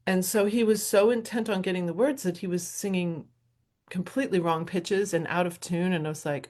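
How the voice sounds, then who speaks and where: A middle-aged woman, a professional violinist, hosts her own show in a casual, rambling solo monologue full of laughter. Her voice sits on the low side and she speaks at a moderate pace.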